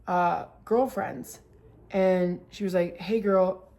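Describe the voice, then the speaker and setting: A woman's voice: steady tone, slow pace, darkish tone. Chatty young woman telling a story. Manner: filler-heavy with constant "like", bursts into laughter; acts out quotes with sudden high squeals. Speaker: vlogger. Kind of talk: casual storytime chat.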